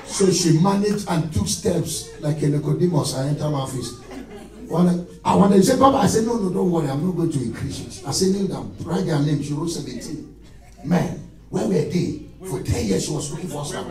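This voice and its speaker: Man preaching, high lively voice, shouts and low asides, echoey church hall, faint music. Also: fairly quick, recorded from a distance, a crowd in the background. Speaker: pastor. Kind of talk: sermon.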